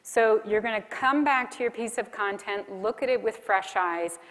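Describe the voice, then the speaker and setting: A woman's voice: medium pitch, normal speed, a bit bright. A woman giving a friendly, practical conference keynote talk. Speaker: keynote speaker. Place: conference hall. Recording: reverberant hall.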